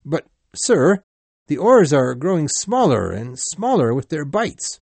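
A man's voice: fairly high pitch, big pitch swings, slow pace, vocal fry, a little mellow, husky, dry recording, voice pushed up, full character voice. A man voicing a frightened oarsman protesting to his captain. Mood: alarmed. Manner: alarmed, protesting.

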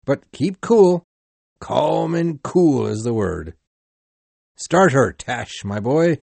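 A man voicing a bold male boat mate who shouts urgent orders to his rowers in an audiobook reading. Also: mid-range voice, big pitch swings, slow pace, vocal fry, no room sound, pitched above the performer's own voice, exaggerated voice. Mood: shouting orders. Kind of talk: audiobook character voice.

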